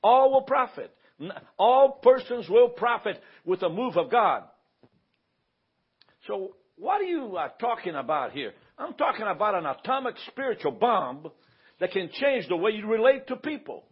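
Guy preaching a bible class, high lively voice, kinda husky, asks okay? a lot. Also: moderate pace. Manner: conversational, asks the room for confirmation. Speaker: pastor teaching a church class. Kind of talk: informal Bible teaching. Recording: dull lo-fi recording.

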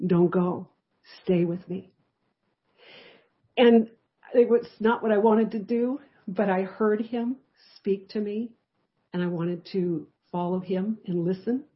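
A woman's voice: mid-range voice, slow pace, muffled recording. Woman telling her testimony at Bible study. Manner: conversational storytelling, lively shifts in loudness.

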